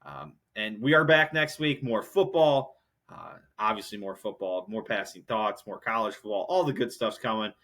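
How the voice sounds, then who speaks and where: A man's voice: fairly low pitch, lively intonation, normal speed, fairly bright tone. A young man hosting a solo podcast, ranting in a heated, profane, rambling way. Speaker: podcast host.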